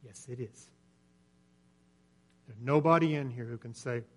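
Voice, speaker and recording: A man preaching a sermon in earnest, swelling louder on key points and dropping nearly to a whisper. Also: medium pitch, steady tone, moderate pace. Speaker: pastor.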